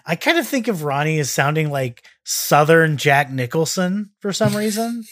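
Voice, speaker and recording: A man co-hosting a casual podcast, excitable and self-mocking, often tripping over his words. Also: fairly high pitch, a little slow. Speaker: podcast co-host.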